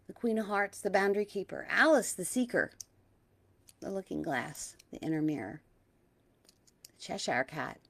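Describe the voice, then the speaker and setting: A middle-aged woman with a lowish voice gives a soft-spoken spiritual talk. She is gentle and dreamy, and she stretches out her key words. Now and then she sinks into a breathy hush. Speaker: spiritual teacher and host.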